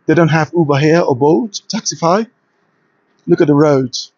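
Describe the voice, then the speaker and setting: This man's voice is a little high, darkish and slightly rough, moving at a moderate pace in a dry recording. He's a travel vlogger with a British-influenced Nigerian accent, giving an eager, opinionated walking vlog on city streets, shot handheld on a phone with lo-fi sound.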